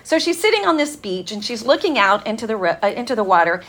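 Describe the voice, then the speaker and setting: A woman speaking to a women's gathering in an earnest, conversational sermon style, telling stories with fillers and pauses. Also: a little high, sing-song, a bit bright.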